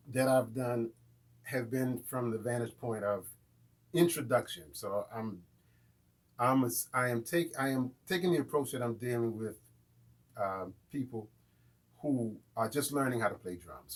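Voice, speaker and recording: A man's voice: mid-range voice, husky. A man teaching a live beginner drum lesson, chanting rudiment names and counts as he plays and checking in with "right?". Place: room with a drum kit. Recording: loud drums under the voice. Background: drum kit playing.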